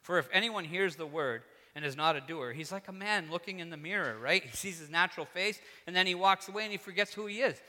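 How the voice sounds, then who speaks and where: Bright-voiced preacher in an echoey hall. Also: male voice, quick pace, hardly any pauses. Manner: earnest, rising to fervent emphasis then dropping low. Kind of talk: sermon.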